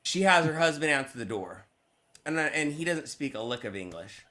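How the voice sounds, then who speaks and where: Bright-voiced swearing man telling stories. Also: a little high, sing-song, fairly quick. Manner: profane, rambling storyteller. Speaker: process server. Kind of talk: casual group call chat.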